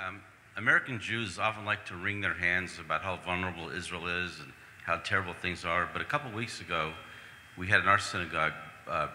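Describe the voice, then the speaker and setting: Male questioner, deep and bright-edged, faint noise under a reverberant hall. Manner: measured, sets up the question with background. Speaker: audience questioner. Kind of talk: asking a question at a public event.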